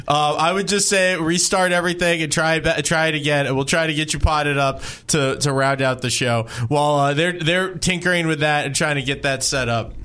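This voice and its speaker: A man's voice: fairly high pitch, pushed and bright, clear, resonant tone. A man hosting a sports radio show, telling stories in a chatty way and laughing easily. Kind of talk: casual radio talk, storytelling.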